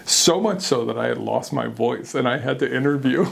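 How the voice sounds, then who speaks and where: A man speaking as an interview guest, candid and animated, often laughing at himself as he tells his own story. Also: mid-range voice, normal speed, gravelly.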